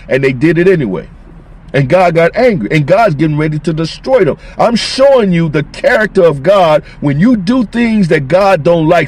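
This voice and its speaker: A man's voice: a little high, slightly rough. A man preaching on scripture as a street preacher, emphatic and repetitive in informal phrasing.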